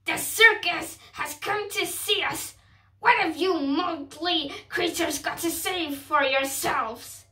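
A woman's voice: very high-pitched, slow pace, reverberant, distant mic, heavily acted. A woman reading aloud and voicing a boastful, mocking male pirate captain who bellows his lines. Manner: loud, jeering.

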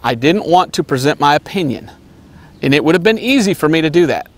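A man preaching an earnest sermon, repeating his points and sometimes mocking name-callers in a high voice. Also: expressive, fairly quick. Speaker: evangelist preacher.

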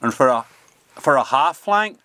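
A man, a sheepdog trainer, giving a plain, practical and unhurried instructional demonstration. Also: medium pitch, lively intonation, heavy background noise.

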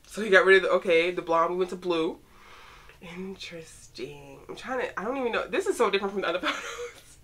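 A young woman chatting casually as she reacts to photos, excitable and teasing, talking straight to the pictures. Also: fairly low pitch, quick pace. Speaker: fan vlogger reacting to photos.

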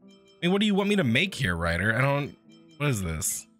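A male streamer giving casual commentary as he plays, sarcastic and quick to swear and crack jokes. His voice is bright and middle-pitched. Faint music plays behind him. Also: huge pitch swings. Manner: sarcastic, swearing, joking reactions. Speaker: game streamer.

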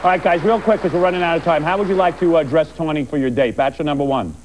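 A man's voice: on the high side, racing, background noise. A man hosting a radio game show, teasing his guests and repeating their answers back with wisecracks. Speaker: radio host.

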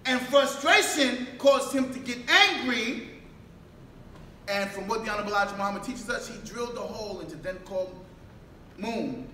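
High-voiced New man preaching in an echoey hall. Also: expressive, moderate pace. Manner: rhetorical questions, calls for responses, builds to shouts. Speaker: mosque minister. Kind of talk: sermon. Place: mosque hall. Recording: echoey room, distant mic, faint background noise.

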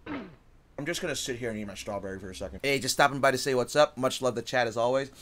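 A streamer commentating live gameplay, swearing, pleading and yelling at the game in frustration between calmer stretches. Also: medium pitch, fast, soft background music. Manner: pleading and coaxing between outbursts.

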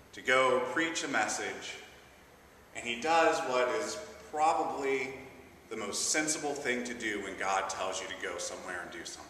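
A man's voice: medium pitch, sharp tone, a little hiss or hum. A man, an assistant pastor, giving a sermon and telling a story in a chatty, humorous way. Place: large church. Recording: echoey church from a distant mic.

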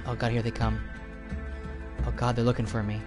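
A gaming host giving excitable let's play commentary, with shrieks and panicked outbursts. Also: mid-range voice, brisk, over music.

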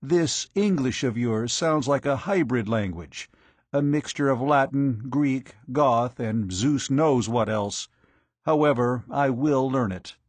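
A man voicing a huge, hearty ancient warrior who declaims loudly. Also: slow pace, no room sound. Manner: booming, declaiming.

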